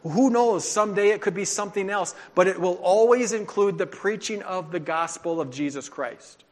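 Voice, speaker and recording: A male pastor preaching with earnest, confessional storytelling. His voice sits a little high for a man, and the sound rings out with a long hall reverb as in a church sanctuary. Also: fairly bright tone. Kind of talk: sermon with personal testimony.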